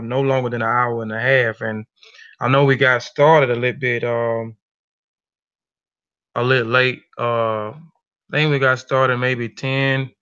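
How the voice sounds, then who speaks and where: A man hosting a casual live show, talking loosely to his audience with lots of fillers. His voice is bright and smooth, but the recording is dull and lo-fi. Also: medium pitch. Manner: loose, chatty, addresses the audience as family, many fillers. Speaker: host. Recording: dull lo-fi sound.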